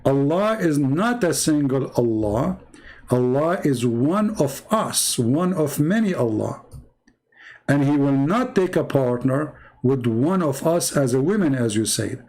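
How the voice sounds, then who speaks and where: A livestream host debates a caller about religion, sarcastic and mocking, laughing at the other side and repeating his points emphatically. He speaks a little slowly in an animated, medium-pitched, slightly mellow voice.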